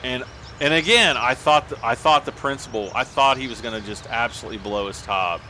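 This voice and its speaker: A man's voice: medium pitch, a little fast, sharp tone, a little hiss or hum. A man on a livestream telling a long personal story in a casual, rambling way, full of restarts and "like".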